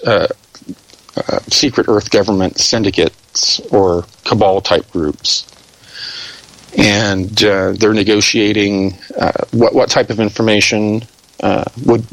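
A man being interviewed who talks haltingly with many fillers and restarts, and says he is losing his voice. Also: fairly low pitch, no room sound, low-quality recording. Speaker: interview guest. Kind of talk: hesitant conversational interview.

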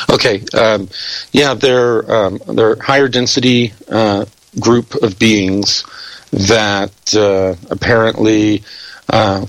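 A man being interviewed who talks haltingly with many fillers and restarts, and says he is losing his voice. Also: fairly low pitch, dry recording, rough recording. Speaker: interview guest. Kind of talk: hesitant conversational interview.

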